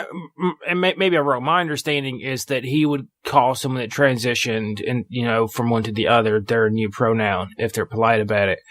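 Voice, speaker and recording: Excitable, rambling male co-host. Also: mid-range voice, no echo. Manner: excitable, rambling, stumbling restarts. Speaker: podcast co-host. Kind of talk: casual podcast chat.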